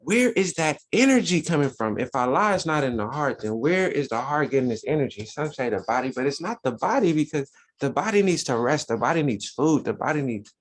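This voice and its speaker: A man leads a religious Sunday school class. His voice is a bit husky, and he talks with lively rises and falls in pitch. He keeps asking his listeners rhetorical questions. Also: brisk. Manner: animated preaching, rhetorical questions. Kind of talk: religious teaching talk.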